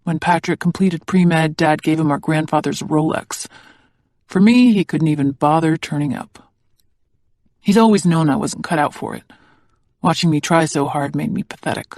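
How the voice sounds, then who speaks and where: An audiobook reader voicing a guarded adult man who is bitter about his father, spoken in a subdued, low-key way with very dry sound. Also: normal speed, a little mellow, dry recording, lightly acted. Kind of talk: audiobook dialogue reading.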